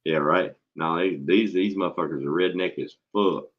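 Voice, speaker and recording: A man's voice: deep voice, normal speed. A man, a schoolteacher and host, telling stories in casual, profanity-laced chat. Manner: blunt, swears freely, tells stories animatedly. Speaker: podcast host and school teacher. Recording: dull lo-fi recording.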